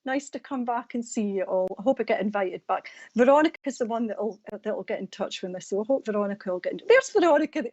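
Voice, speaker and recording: A woman's voice: a little high, expressive, fast, hardly any pauses. Brief: Scottish woman, East Coast accent, chatty psychic medium on a live stream, dull lo-fi sound. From Scotland. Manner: chatty, warm sign-offs to viewers. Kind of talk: live-stream readings and chat.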